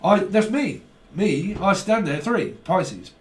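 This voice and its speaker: A man's voice: high-pitched, slow. Rambling man reading tarot. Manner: rambling, animated, frequent swearing and slang. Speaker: tarot reader. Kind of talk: casual tarot reading monologue. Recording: roomy sound from a mic at a distance.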